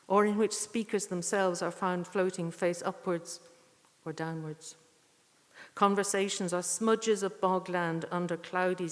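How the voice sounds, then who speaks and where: A middle-aged woman reading poetry in a measured, deliberate way, with rambling, chatty introductions between poems. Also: on the low side. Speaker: poet reading at a tribute evening. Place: church. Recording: long church reverb.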